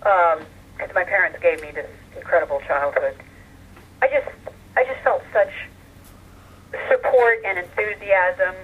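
A woman's voice: fairly low pitch, a little slow, long pauses, husky. An older woman telling stories from her childhood as a guest in a phone interview, chatty, with many fillers. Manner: chatty storyteller, warm laughs, many fillers. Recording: tinny phone line.

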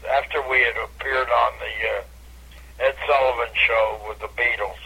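An older man, a comedian, telling animated stories from his career in a casual radio interview over a phone line. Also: moderate pace, vocal fry, husky. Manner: animated anecdote teller, bursts into high catchphrase. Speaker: comedian guest.

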